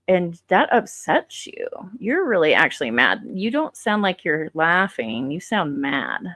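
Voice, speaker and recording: A woman's voice: mid-range voice, fairly bright tone, dry recording, clean studio sound. A woman giving casual commentary on clips, rambling and thinking aloud with lots of fillers.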